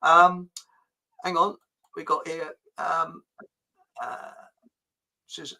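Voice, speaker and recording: A man's voice: fairly high pitch, level tone, very slow, creaky, bright, forceful tone, rough recording. An English man hosting a casual chat show, rambling and chuckling with frequent restarts. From England. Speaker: host.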